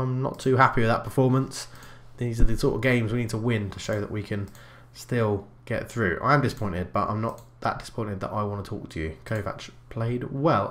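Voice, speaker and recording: A man casually commentating his own football management game, chatty and breaking into excited bursts of match play-by-play. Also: medium pitch. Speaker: gaming YouTuber.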